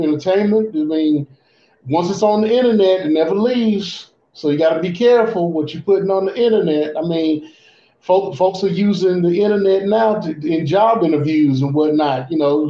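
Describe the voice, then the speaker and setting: A man's voice: on the high side, mellow. A man co-hosting a casual wrestling chat, laid-back, often repeating and restarting his phrases. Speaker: podcast co-host. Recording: muffled roomy lo-fi audio.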